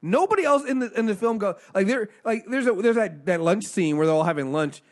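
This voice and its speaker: A man co-hosting a casual movie review chat, excitable, swearing freely and restarting sentences. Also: sits high, fairly quick. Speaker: podcast co-host reviewing films.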